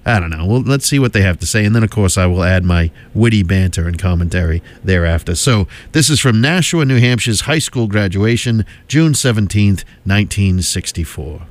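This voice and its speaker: A man's voice: deep voice, expressive, fairly quick, hardly any pauses. A man hosting a show about old records, talking casually in a meandering way with lots of fillers. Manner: chatty, meandering, with many fillers. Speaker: host presenting old records. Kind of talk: casual rambling commentary.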